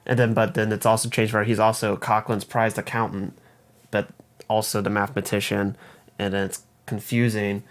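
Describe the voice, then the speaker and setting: A man's voice: on the low side, level tone, moderate pace. A young man co-hosting a podcast, retelling a movie's plot in a rambling, swear-heavy way. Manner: profane, rambling plot retelling with mock voices for characters. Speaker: podcast co-host. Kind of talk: casual film recap.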